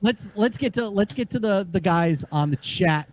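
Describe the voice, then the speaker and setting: Animated higher-pitched man chatting sports. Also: moderate pace. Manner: animated, rambling with restarts and laughs. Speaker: podcast co-host. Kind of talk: casual sports talk.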